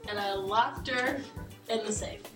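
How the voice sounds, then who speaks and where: A woman co-hosting a show in casual chat, with quick, playful back-and-forth. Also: medium pitch. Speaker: show co-host. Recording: roomy, distant mic, music behind.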